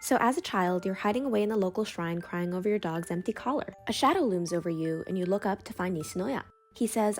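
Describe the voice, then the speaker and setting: A woman's voice: mid-range voice, lively intonation, a little fast, darkish tone, soft background music. A woman narrating a fan scenario in the second person, plainly telling the listener what happens. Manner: plain storytelling, addressing the listener as you.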